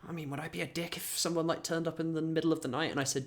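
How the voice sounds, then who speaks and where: A man's voice: on the high side, steady tone, racing. A man co-hosting a casual podcast, rambling with restarts and prodding the others for stories. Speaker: podcast co-host. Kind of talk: casual chat.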